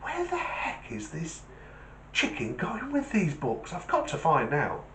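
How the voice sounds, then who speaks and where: A man's voice: on the high side, huge pitch swings, unhurried, a bit bright, roomy sound, far from the mic, a little hiss or hum, heavily acted. A man voicing a bewildered male librarian in a joke, muttering to himself. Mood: puzzled.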